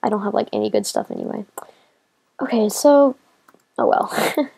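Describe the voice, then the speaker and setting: A woman giving casual commentary as she plays a video game, talking to herself and getting excited as she goes. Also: medium pitch, normal speed, creaky, husky. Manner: excitable, talks to herself while playing. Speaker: gamer.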